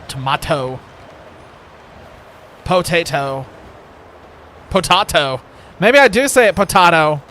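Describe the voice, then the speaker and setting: A man's voice: fairly high pitch, very animated, unhurried, pauses often, bright, forceful tone, a little hiss or hum. A man chatting casually while livestreaming a game, joking, rambling and laughing often. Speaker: streamer. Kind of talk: casual gaming livestream chat.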